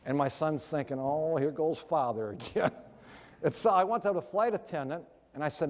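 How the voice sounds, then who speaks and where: A middle-aged man preaching a sermon, telling stories with animated, emphatic exclamations. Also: a little high, normal speed. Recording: long hall reverb.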